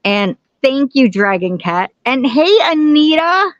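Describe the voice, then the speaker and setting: A woman's voice: mid-range voice, slow, no room sound, muffled recording. A woman hosting a casual live stream from home, chatting and greeting viewers by name. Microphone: camera on tripod.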